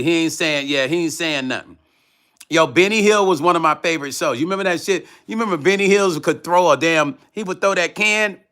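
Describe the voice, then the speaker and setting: With a clean tone and fairly high pitch, a middle-aged man casually reads live chat aloud on his music vlog stream. He's loose and laughs frequently, letting the conversation drift between topics.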